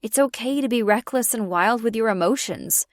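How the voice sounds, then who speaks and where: A woman's voice: fairly high pitch, normal speed, no room sound, clean studio sound, natural voice. A woman reading an audiobook, voicing a pushy young woman who talks in a snappy, insistent way. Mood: firm.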